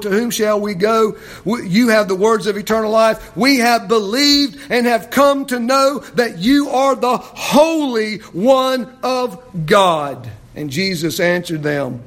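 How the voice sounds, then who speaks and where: Slow-preaching high-voiced male pastor. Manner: swings from shouted questions to hushed pleading. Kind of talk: sermon.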